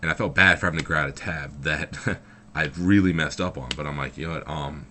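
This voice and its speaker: A man's voice: very deep voice, a little fast, bright, forceful tone, a little hiss or hum. A young man telling a story from his own life in a loose, rambling way, full of fillers and swearing. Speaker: vlogger. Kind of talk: casual storytelling.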